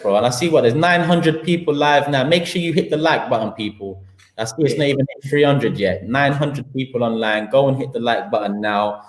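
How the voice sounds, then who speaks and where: A man with a London accent hosts a live football talk stream, ranting in a slangy, heated way and stacking up his points. His voice sits at a middle pitch. The room around him is echoey.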